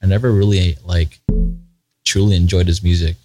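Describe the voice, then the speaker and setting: A young man chatting casually on a podcast, speaking haltingly with many restarts. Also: sits low, level tone, mellow, soft background music. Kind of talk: casual banter among friends.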